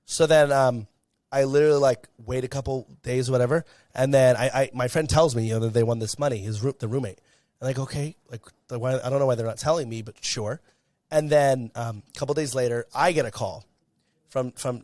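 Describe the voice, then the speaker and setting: A young man being interviewed, telling a story in a lively, casual way and acting out the voices of the people in it. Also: medium pitch, fairly quick, no room sound, studio quality. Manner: animated, acts out quoted dialogue. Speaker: guest, content creator.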